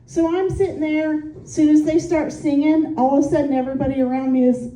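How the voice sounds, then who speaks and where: Woman from Indiana, stand-up comic, high voice, very mellow tone, chatty self-deprecating storytelling, echoey room, mic a bit distant. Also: a little fast, a little hiss or hum. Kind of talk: stand-up comedy set.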